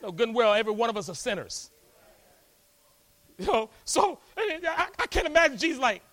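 Animated high-voiced preacher. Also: male voice, a little fast, long pauses. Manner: folksy, rousing, call-and-response. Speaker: pastor. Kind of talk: lively sermon. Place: church hall.

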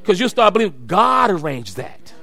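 A middle-aged man, a pastor preaching a sermon, telling stories and building to shouted exhortation. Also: high voice, big pitch swings, normal speed, vocal fry, no room sound. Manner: storytelling, rising to shouted preaching.

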